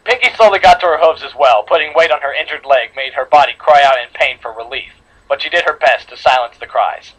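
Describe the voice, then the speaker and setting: A man's voice: on the high side, a little fast, a bit bright, low-quality recording. A man reading a horror fan story aloud to friends, dramatic, with slips and re-reads. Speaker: story reader.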